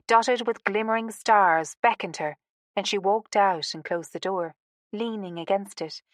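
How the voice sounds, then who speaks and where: Clean studio audio with no room sound carries a woman's medium-pitched voice. She narrates a romance audiobook from a script, her storytelling measured and expressive.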